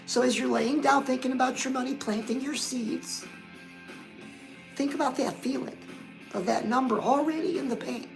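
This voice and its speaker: A woman's voice: high voice, normal speed, gravelly, music in the background, rough recording. A woman hosting a livestream pep talk, coaching listeners in a sassy, direct way and calling them "girl". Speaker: host.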